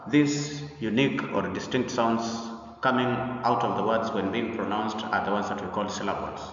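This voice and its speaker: A man presenting an English pronunciation lesson in a deliberate lecture style, often repeating himself and pausing on "uh". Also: lowish voice, a bit bright, slight background noise. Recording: echoey, dull recording from a distance.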